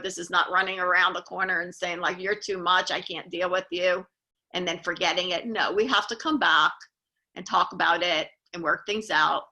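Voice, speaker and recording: A woman's voice: lowish voice, sharp tone. A middle-aged woman, a life coach and host, giving an earnest motivational talk and repeating her key points for emphasis.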